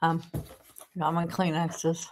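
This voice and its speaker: A woman's voice: low voice, monotone, slow pace, a little mellow. A woman with a Southern US accent hosting a casual livestream at home, congested from a cold, chatty and rambling with lots of ums. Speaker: livestream host. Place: indoors at home.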